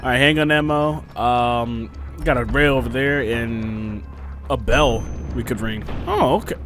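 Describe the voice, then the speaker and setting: A young man doing casual let's play commentary, joking to himself and yelping and shouting when enemies attack. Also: medium pitch, a little slow, over music. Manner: jokey, excitable, yelps and shouts when attacked. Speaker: gaming YouTuber.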